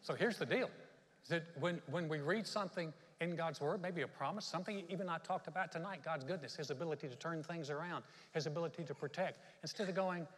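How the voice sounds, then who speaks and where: A man's voice: fairly high pitch, quick pace, fairly bright tone, long reverb tail. A man pastor preaching a sermon in a church, telling stories in a folksy way and acting out quotes. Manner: folksy storytelling with acted-out quotes.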